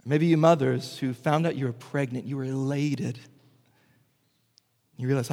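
A man preaching a sermon as pastor, moving between animated asides and hushed, slow emphasis. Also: mid-range voice, in a large hall.

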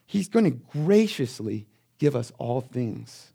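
A man preaching a sermon as pastor, telling stories in a conversational way and swinging between quiet asides and loud, emphatic bursts. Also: medium pitch, very animated, takes it slowly, vocal fry, slightly rough.

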